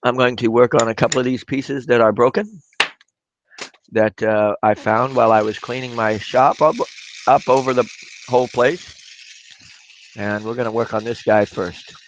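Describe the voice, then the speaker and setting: A man with a raspy voice from a cough, chatting casually to viewers on a live stream while he works on glass pieces. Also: mid-range voice, steady tone, moderate pace, pauses often, highs cut off, background noise. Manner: rambling, talks to viewers while working.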